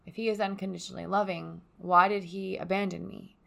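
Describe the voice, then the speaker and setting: A young woman hosting a podcast from home, speaking softly in a reflective, confessional solo monologue. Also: medium pitch, level tone, a little fast, gravelly. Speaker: podcast host. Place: at home by a window onto a yard.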